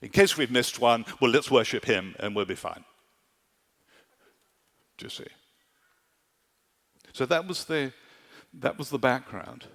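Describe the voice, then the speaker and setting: Animated male preacher in a reverberant hall. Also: medium pitch, unhurried, gravelly, pauses often. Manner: animated, rhetorical, keeps asking "do you see?". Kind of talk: sermon. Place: large conference hall at a summer camp.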